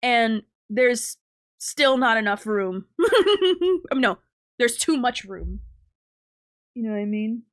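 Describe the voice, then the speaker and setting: A woman's voice: on the high side, slow, pauses often, fairly bright tone. A young adult woman streaming live, rambling in crude, giggly banter with her chat. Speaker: livestreamer.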